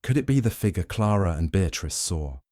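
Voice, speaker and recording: Brief: measured male audiobook narrator, deep voice, dry close recording. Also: animated, darkish tone, no room sound.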